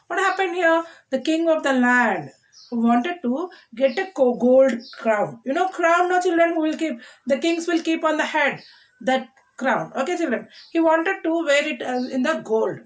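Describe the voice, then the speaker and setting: A woman teacher explaining a lesson to children, repeating words slowly for them to copy. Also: sits high.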